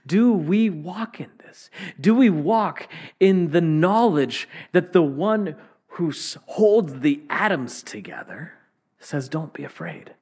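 A man preaching a sermon, swinging between loud exclamations and hushed whispers. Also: a little high, animated, slow, breathy edge.

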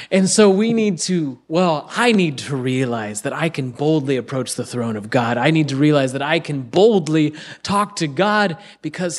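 Earnest higher-voiced male preacher. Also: lively intonation, moderate pace, few pauses. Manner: earnest, conversational preaching that drops to near-whispers. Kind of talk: sermon.

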